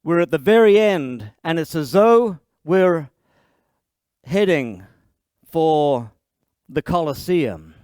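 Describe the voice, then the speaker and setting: A man preaching a sermon as pastor, explaining lively and playfully, often restarting his sentences. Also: on the high side, slow pace, long pauses, clean tone, dry recording, clean studio sound.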